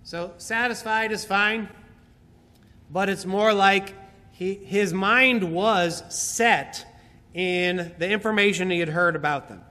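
A man preaching a sermon, slowly and emphatically explaining a Bible passage and repeating key phrases. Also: high-pitched, sharp tone. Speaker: pastor. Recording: hall reverb.

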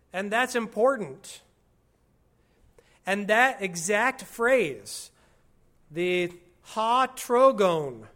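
A male pastor teaches an expository sermon conversationally, dropping wry asides and slowing down to stress key phrases. His voice sits high and a bit bright.

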